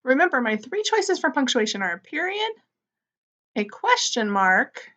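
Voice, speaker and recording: Bright-voiced teacher woman, slow spelling. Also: high voice, sing-song. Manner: slow, sound-by-sound spelling for young children; gently encouraging, asks questions and answers them. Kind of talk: early-grade phonics lesson.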